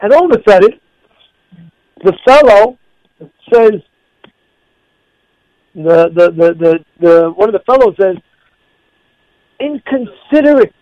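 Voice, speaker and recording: A man giving a storytelling moral talk, animated, repeating phrases and restarting sentences. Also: sits high, measured pace, long pauses, dry recording, dull audio. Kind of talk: storytelling sermon.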